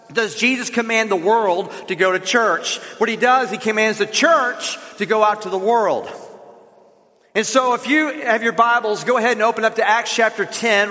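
Southern-accented male pastor, high voice, lively joking sermon, long church reverb. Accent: Southern American. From American South. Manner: lively and joking, rallying the congregation. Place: church sanctuary.

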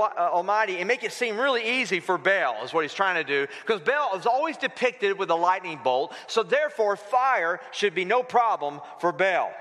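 A man's voice: high-pitched, sharp tone. A man preaching a sermon as pastor, asking the congregation rhetorical questions and mixing in humorous asides. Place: church sanctuary. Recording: long reverb of a large hall.

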